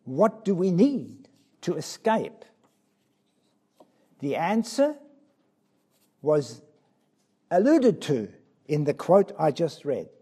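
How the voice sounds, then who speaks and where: A male preacher with a high, warm voice that climbs and falls dramatically. He speaks slowly and passionately, pressing his listeners with questions and dropping from ringing cries to hushed asides. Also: sing-song, husky. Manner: impassioned, swings from loud cries to low quiet asides. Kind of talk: sermon.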